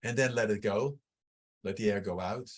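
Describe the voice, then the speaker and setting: A man's voice: fairly low pitch, normal speed. A man facilitating an online breathwork workshop over a video call, talking conversationally and working through long lists with frequent restarts.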